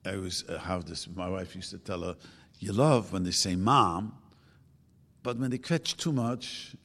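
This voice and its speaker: An older man giving an informal religious talk, chatting casually and acting out quoted speech with sudden jumps in pitch. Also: a little slow, fairly bright tone. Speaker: religious teacher. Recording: long hall reverb.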